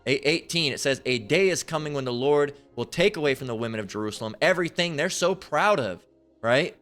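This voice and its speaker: A man's voice: a little high, animated, brisk, fairly bright tone, soft background music. Stammering, foul-mouthed male street preacher. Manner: crude, stammering, keeps asking "right?". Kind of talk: profane Bible commentary rant.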